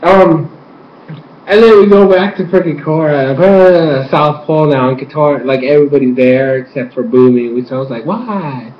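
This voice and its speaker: A man giving a rambling, gushing recap of a cartoon episode, excitable and casual. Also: fairly high pitch, brisk. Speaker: fan reviewer. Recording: roomy, dull lo-fi home recording with faint noise.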